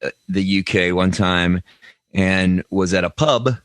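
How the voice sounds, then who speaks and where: A man's voice: sits low, slow, a bit bright, dry recording. A man co-hosting a comedy news podcast, telling stories in a rambling, self-interrupting way. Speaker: podcast co-host. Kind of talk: comedic banter.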